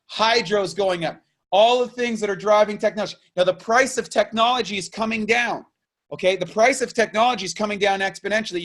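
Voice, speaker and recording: A man's voice: sits high, fairly bright tone. Fired-up man ranting with rhetorical questions. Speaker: motivational business coach. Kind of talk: motivational rant.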